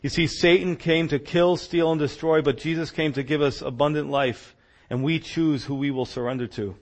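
A man's voice: fairly high pitch, steady tone, moderate pace. A man preaching a sermon as a pastor, reading scripture aloud and pressing his points with passion.

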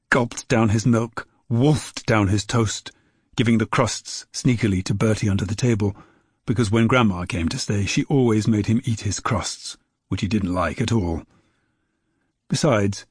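A man narrating a children's story aloud in a gentle, measured way. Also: lowish voice, breathy edge, dry recording. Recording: dry close recording.

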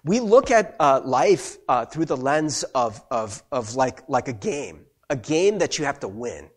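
A man's voice: mid-range voice, sing-song, measured pace, husky. A male pastor giving a conversational sermon who keeps asking "right?" to check in with his listeners.

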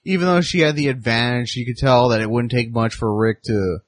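A man's voice: mid-range voice, fairly quick, no echo. A man hosting a casual comic book podcast, laughing easily and restarting his sentences. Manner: giggly, with hesitant restarts. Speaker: podcast host.

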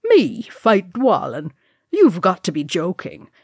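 A woman's voice: lowish voice, wildly swooping pitch, slow pace, husky, no room sound, clean studio sound, heavily acted. A woman voicing a cheeky, boastful young male dwarf. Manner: brash, boastful.

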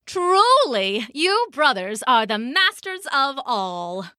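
A woman voicing a sly, flattering male trickster god in a storybook reading. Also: high-pitched, slow pace, no echo, studio quality, full character voice.

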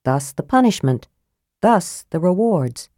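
Low, mellow woman narrating a fantasy audiobook. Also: sing-song, no echo, clean studio sound. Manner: measured, grave storytelling.

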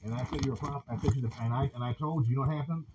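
Man, rambling and repetitive, keeps seeking agreement, mid pitch, heavy background noise. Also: racing. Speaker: son talking to his mother. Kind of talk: rambling home conversation.

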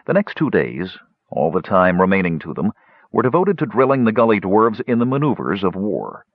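A man narrating a fantasy audiobook in a steady, expressive way. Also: lowish voice, moderate pace, no room sound. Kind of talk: scripted narration. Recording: dull lo-fi recording.

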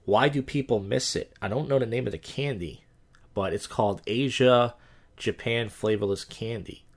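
A man hosting a casual podcast, reading odd news stories aloud and riffing deadpan jokes with lots of fillers and restarts. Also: medium pitch, moderate pace. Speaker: podcast host. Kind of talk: casual comedic news rundown.

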